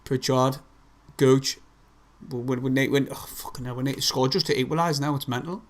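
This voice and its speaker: A man's voice: medium pitch, steady tone, moderate pace. A young man, hosting a live fan stream and reacting to a football match with heavy swearing and frustrated outbursts. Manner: swears heavily, shouts in frustration. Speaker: fan livestream host.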